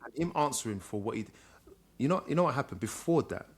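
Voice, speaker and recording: A man's voice: mid-range voice, animated, fast, slightly rough. A middle-aged man, a guest, candidly telling a personal story in a reflective way. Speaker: guest, social worker.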